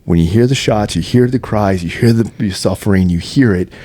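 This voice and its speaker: A man's voice: on the low side, normal speed, dark tone. A man as a podcast guest, talking intensely and emphatically in a casual conversation.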